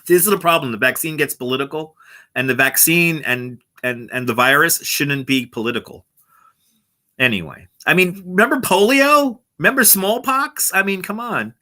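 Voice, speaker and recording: A man's voice: medium pitch, expressive, normal speed, bright, forceful tone. A man hosting a casual livestream outdoors, chatting with viewers and laughing often, on a lapel mic. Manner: chatty, reads out and answers chat, laughs often. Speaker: livestream host. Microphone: wireless lapel mic.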